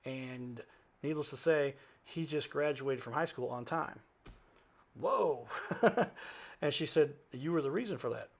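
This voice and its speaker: A man's voice: mid-range voice, normal speed. A man, a talk show host who is a guest here, telling a story in a casual, rambling way, with many asides and self-corrections and some laughter. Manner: animated, jumps between asides and self-corrections; laughs while he talks.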